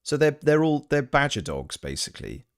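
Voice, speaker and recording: A man's voice: a little high, sing-song, normal speed. A man chatting casually on a game stream, reading his chat aloud with playful, joking asides. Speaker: gaming streamer and voice actor.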